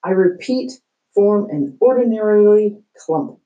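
A woman's voice: mid-range voice, animated, measured pace, narrow, tinny audio, voice pushed up, natural voice. A woman reading aloud, voicing a flustered, blustering male school principal who insists nothing is wrong. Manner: loud, insistent, denying the obvious.

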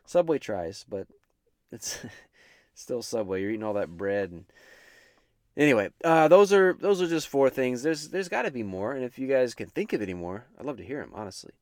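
A man's voice: medium pitch, animated, normal speed, darkish tone, no room sound, clean studio sound. A man hosting a casual chat, rambling and joking with many restarts. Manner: rambling, self-interrupting, jokey. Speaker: host.

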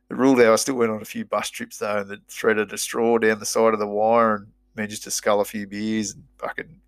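A man's voice: on the low side, a bit bright, dry recording. A middle-aged Australian man, a former rugby player, telling his story in a blunt, sweary, rambling way. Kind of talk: casual storytelling.

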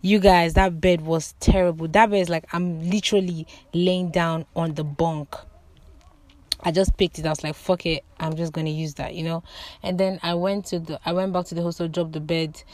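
Lively woman telling a story. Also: fairly low pitch, moderate pace, no room sound. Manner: animated, dramatic storytelling with loud exclamations; swears casually. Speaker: vlogger. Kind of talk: casual storytime to camera.

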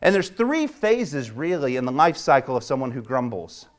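A man preaching a sermon, his voice surging up for quoted complaints and sinking low and quiet in prayer. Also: very animated, normal speed. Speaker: pastor.

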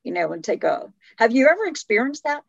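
A woman's voice: on the high side, big pitch swings, a little fast, vocal fry, breathy edge, no room sound. Reflective woman in a dry, dull recording. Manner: reflective, conversational, many fillers. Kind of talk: casual conversation about relationships.

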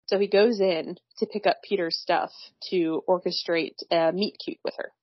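A woman's voice: fairly low pitch, fairly even intonation, normal speed, slightly rough, no room sound, lo-fi sound. A woman co-hosting a casual chat, recapping a film plot in a wry, slangy way and laughing often. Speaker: podcast co-host recapping a film.

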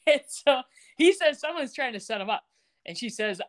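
A woman's voice: lively intonation, moderate pace. Woman animatedly retelling a TV plot. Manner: acts out characters' lines with shifting pitch, laughs often. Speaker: podcast co-host recapping a TV episode.

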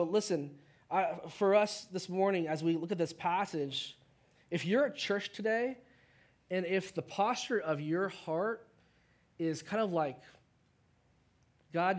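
High-voiced man preaching a sermon. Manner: conversational, acts out quick voices of the people in the story. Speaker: pastor.

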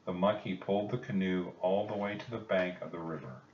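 A man reading a children's storybook aloud in a calm, measured way. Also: deep voice, a little hiss or hum. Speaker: narrator. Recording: echoey, distant and muffled.

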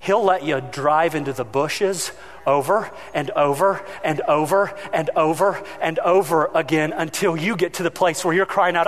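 A man's voice: fairly high pitch, moderate pace. Male pastor preaching in a reverberant hall. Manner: animated storytelling, acting out his own shouting. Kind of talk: sermon.

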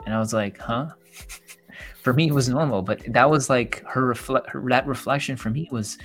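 A man's voice: mid-range voice, normal speed, a bit bright, faint music behind. A young man co-hosting a podcast, talking casually and reflectively, rambling and acting out what others told him. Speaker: podcast co-host. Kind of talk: casual chat.

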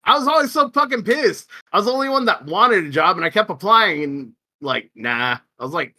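A man in his thirties, a podcast co-host telling a story in casual chat, swearing and acting out quotes in a high voice. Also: lively intonation, brisk, bright, forceful tone.

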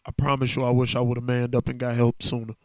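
A man alone at a podcast mic, speaking in a loose, candid, slang-heavy way and sounding worn down. His voice comes across smooth and clean. The sound is close and dry, with no room around it. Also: medium pitch, monotone, fast, dry recording. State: emotional, worn down. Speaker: podcast host. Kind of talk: casual solo podcast monologue.

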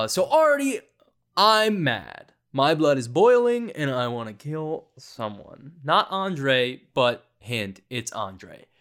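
A man's voice: medium pitch, big pitch swings, slow, a bit bright. Rambling sarcastic young man podcaster. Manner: sarcastic, self-deprecating, rambling storyteller. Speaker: podcast host. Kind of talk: casual solo podcast rambling.

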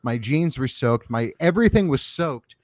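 A young comedian from Oklahoma, appearing as a podcast guest, tells crude, self-mocking stories in a casual chat, laughing through them. His voice is medium-pitched, expressive, and a little mellow, at normal speed with no echo.

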